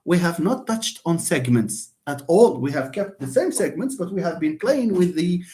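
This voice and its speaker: In this live online phonetics lecture, a man with an animated, lively pitch speaks at a moderate pace. The linguistics lecturer treats his viewers as friends, greeting them by name, and he tends to restate points and answer his own questions.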